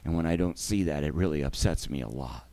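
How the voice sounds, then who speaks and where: A man's voice: a bass voice, fairly quick, dark tone. A man hosting a charity livestream, talking emotionally and expressively to his viewers.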